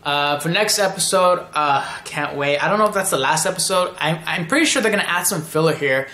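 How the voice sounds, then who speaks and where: Bright-voiced man rambling about anime. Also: on the high side, fairly quick, echoey room. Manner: rambling and animated, mimics characters' lines. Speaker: anime reviewer. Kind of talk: casual video review.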